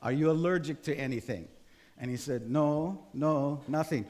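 A man's voice: a little high, moderate pace. Older male pastor from Hawaii, casual chatty sermon delivery with fillers. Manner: relaxed, conversational, many fillers. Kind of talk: sermon with storytelling.

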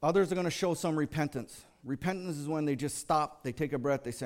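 An American man preaching a sermon in a conversational, storytelling way. He acts out the people in his stories, jumping between a hushed, low voice and a high, fired-up one. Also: a little fast, hardly any pauses. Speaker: lay preacher.

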